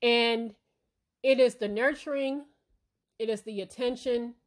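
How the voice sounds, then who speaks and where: A woman with a fairly high voice giving casual opinion commentary. She speaks bluntly and with emphasis, keeping it real. She keeps checking in with her audience. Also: steady tone, measured pace. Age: adult parent. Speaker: commentary channel host.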